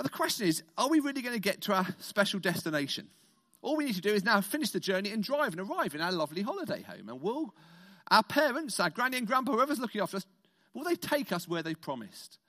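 A man from Britain preaching an all-age sermon, animated and playful, leading the congregation in call-and-response. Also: high-pitched.

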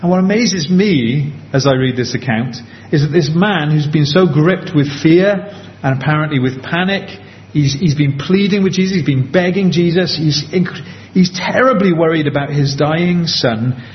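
A man preaching a sermon in an earnest, conversational way, slowing down on key points. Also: a little high. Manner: earnest, conversational, slows down for emphasis. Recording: dull lo-fi with faint background hiss.

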